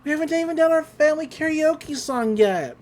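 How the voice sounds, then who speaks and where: Quick bit: host doing a high, eager cartoon tween girl. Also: lively intonation, darkish tone. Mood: excited.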